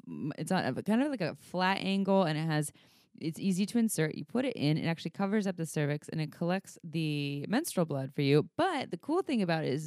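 Lower-voiced woman chatting on a podcast, frank n playful, dry close mic. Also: a little mellow, dry recording. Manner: frank, playful, laughs often. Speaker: podcast co-host, sex educator. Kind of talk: casual podcast chat.

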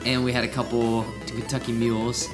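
A man's voice: medium pitch, completely flat delivery, a little fast, over music. A young man hosting a casual podcast, chatty and laid-back, rambling a little. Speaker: podcast host.

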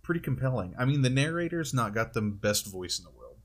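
A man's voice: mid-range voice, sing-song, fairly quick. A man co-hosting a podcast in casual chat, rambling through a story with lots of fillers. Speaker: podcast co-host.

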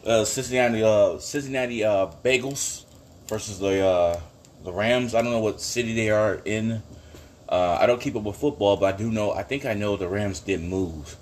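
There's slight background noise as a man with a fairly low, darkish voice speaks at normal speed, hosting a solo podcast in his home kitchen. His talk is casual and meandering, full of swearing and sudden fits of laughing outrage.

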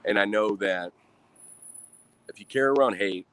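Man, mid-thirties, low voice, rambling casual vlog talk over beer, swears freely, sighs between thoughts. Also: moderate pace, fairly bright tone, no room sound. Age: 30s. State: drinking beer.

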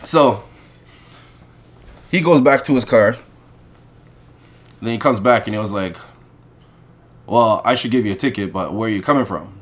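A man casually telling an animated story in conversation, acting out the people he quotes. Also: lowish voice, moderate pace, long pauses. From Canada.

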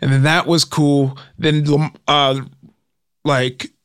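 A lively man hosts a casual podcast chat, his voice sitting a little high for a man. He tells stories with energy and jumps up in pitch to act out other people's lines. The sound is close and dry, with no room in it. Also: slow pace, clean tone, no echo. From Nigerian family background. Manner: animated storyteller, acts out quotes with jumps in pitch.

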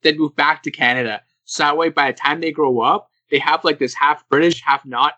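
A young man hosting a casual podcast chat, animated and laughing, acting out the people he quotes. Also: a little high, brisk, no room sound, dull audio. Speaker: podcast host.

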